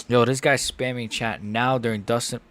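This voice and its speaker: A man giving casual, excitable live reaction commentary as a streamer, chatty and full of slang. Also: medium pitch, vocal fry. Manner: chatty, excitable, lots of "like" and "bro".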